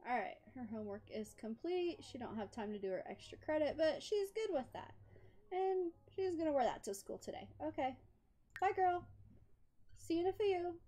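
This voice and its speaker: A woman's voice: high-pitched, sing-song, brisk, mellow. A woman giving casual commentary while playing a life-sim game, chatting to her character and laughing often. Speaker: gameplay commentator.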